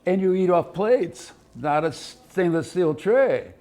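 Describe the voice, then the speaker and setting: A man's voice: high-pitched, slow. A man in his seventies from Ohio, a military veteran telling stories in an oral history interview, acting out voices and sounds as he goes. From Ohio, USA. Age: older, 70s. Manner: animated anecdotes, acts out voices and sounds.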